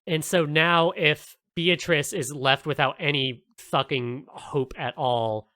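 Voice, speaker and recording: A man co-hosting a podcast, excitedly retelling a story in casual talk and swearing a lot. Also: on the high side, slow pace, hardly any pauses, no room sound. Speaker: podcast co-host.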